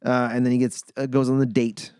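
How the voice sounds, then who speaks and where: A man's voice: mid-range voice, brisk, smooth, dry recording. A man hosting a casual podcast, sarcastically retelling a film's plot and acting out the characters' lines. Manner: animated, mocking, acts out characters' lines. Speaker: podcast host. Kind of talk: casual movie-review chat.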